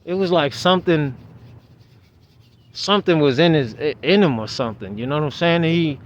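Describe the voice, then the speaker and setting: A man's voice: fairly high pitch, moderate pace. Rambling man vlogging outdoors, lo-fi. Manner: rambling, restarts, animated retelling. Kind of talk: casual storytelling monologue. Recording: dull lo-fi outdoor recording.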